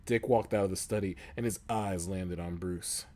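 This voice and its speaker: A man's voice: sits low, normal speed, dark tone. A man co-hosting a comedy podcast, reading fanfiction aloud and breaking into laughter and crude asides.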